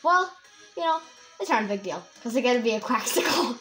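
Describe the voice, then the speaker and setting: A woman giving rambling, excitable let's-play commentary as a young YouTuber, laughing often. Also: on the high side, a little fast, faint music behind. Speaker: gamer and YouTuber.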